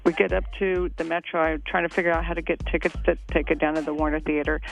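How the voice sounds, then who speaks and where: A woman's voice: low voice, steady tone, quick pace, creaky. A woman in her fifties from Virginia calling in to a radio show, telling a story in a chatty, emotional way over a phone line. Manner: chatty, emotional, laughing often. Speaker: caller. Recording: phone line with faint music.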